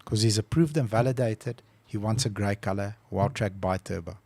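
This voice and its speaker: Low-voiced storytelling man, dry sound. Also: moderate pace, dry recording. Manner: animated storyteller, acts out phone calls. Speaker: podcast co-host. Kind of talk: casual chat.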